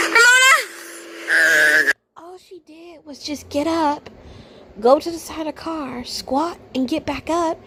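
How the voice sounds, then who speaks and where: A woman with a high, bright-pitched voice reacts to a video in casual, blunt commentary. She sounds incredulous, dropping to low mutters and then bursting out loud. A faint hiss sits under her voice.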